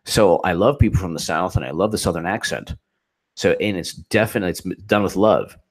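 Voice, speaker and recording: Deep-voiced man hosting a livestream. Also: brisk. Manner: effusive, thanks viewers at length. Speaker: political commentary livestreamer. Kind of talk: casual livestream commentary.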